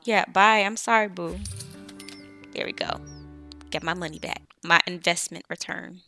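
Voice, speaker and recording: A woman's voice: lowish voice, unhurried, sharp tone, soft background music. A woman casually commenting on her gameplay. She chats in loose, slangy speech while bossing and teasing her game characters. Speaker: let's play host.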